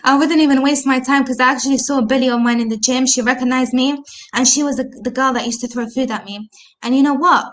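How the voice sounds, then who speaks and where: A woman's voice: sits high, quick pace. A British woman telling her personal story as an interview guest, hesitant with many restarts, livening up when she quotes people. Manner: hesitant, many restarts and "you know", animated when quoting others.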